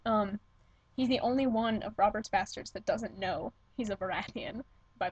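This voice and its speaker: A woman's voice: fairly high pitch, moderate pace, a little mellow, breathy edge, no echo, muffled recording. A young woman talking casually to her computer webcam at home, gushing and swearing as she rambles and interrupts herself. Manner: gushing, profane, self-interrupting. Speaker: vlogger. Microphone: computer webcam mic.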